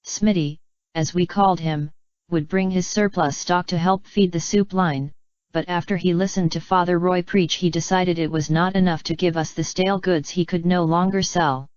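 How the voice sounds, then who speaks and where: A woman narrating an audiobook memoir in an even, measured reading. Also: fairly low pitch, smooth, dry recording. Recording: dry, slightly dull lo-fi audio.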